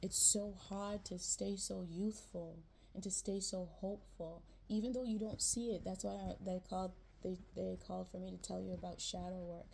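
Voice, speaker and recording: A woman's voice: mid-range voice, fairly even intonation, normal speed, gravelly, hardly any pauses, mellow, slight background noise. A woman giving a casual tarot reading to her viewers, chatty and slangy, checking in with "right?" again and again. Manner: chatty, repeats "right?" and "you know", slangy "man" and "yo". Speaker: tarot reader. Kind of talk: casual spiritual reading to camera.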